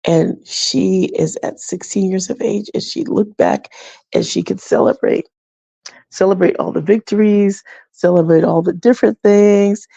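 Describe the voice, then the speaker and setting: A middle-aged woman hosting a faith podcast, talking casually and reflectively with frequent soft laughs. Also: mid-range voice, a little slow, vocal fry, no echo. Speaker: podcast host. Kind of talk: casual personal talk.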